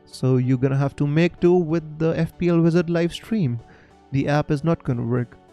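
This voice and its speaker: A man's voice: on the high side, mellow, faint music behind. Indian man chatting on a live stream. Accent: Indian English. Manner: chatty, halting, many fillers, reads viewer comments aloud. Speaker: fantasy football streamer. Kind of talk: casual live-stream chat.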